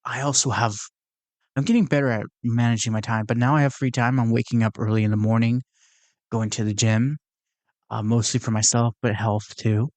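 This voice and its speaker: A young man hosts his podcast alone in a casual, earnest monologue. He rambles and restarts as he works through his thoughts. His voice sits at an ordinary pitch and is recorded dry, with no room echo. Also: fairly even intonation, fairly quick, darkish tone. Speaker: podcast host.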